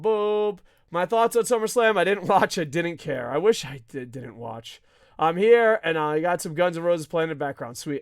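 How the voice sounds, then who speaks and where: A man hosts a live wrestling podcast, ranting and yelling with heavy swearing. His voice sits a little high and rings smooth and resonant. The sound is dry and close, with no room echo. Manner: loud, profane, often yelling. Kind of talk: live-streamed ranting commentary.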